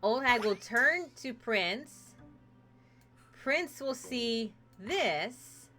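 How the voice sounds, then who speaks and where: Bright-voiced woman streaming a story game. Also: fairly high pitch, expressive, very slow, soft background music. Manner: playful, narrates a fairy tale and hops into character voices. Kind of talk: casual gaming stream chat with acted story voices.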